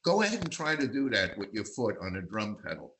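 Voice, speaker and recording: An older man from the Bronx, telling lively anecdotes as a guest, acting out voices and singing bits of songs. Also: lowish voice, a little fast, a little hiss or hum, low-quality recording. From East Bronx, New York. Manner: animated raconteur, acts out voices and sings snatches. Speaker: magazine publisher, guest. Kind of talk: storytelling interview.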